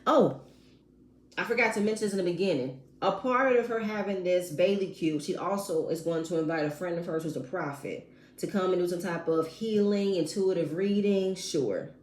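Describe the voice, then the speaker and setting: A woman's voice: lowish voice, normal speed. A woman giving a casual, sassy recap of a reality TV episode with slangy asides. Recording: echoey room.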